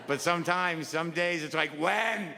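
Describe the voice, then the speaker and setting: Middle-aged male comic, fretful and self-mocking, pitched high; live stage with hall echo and loud background. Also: expressive, moderate pace. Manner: neurotic, self-deprecating rants with acted-out asides. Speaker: stand-up comedian. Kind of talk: stand-up comedy set. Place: stage in a comedy venue. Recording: live venue with long reverb and loud crowd noise.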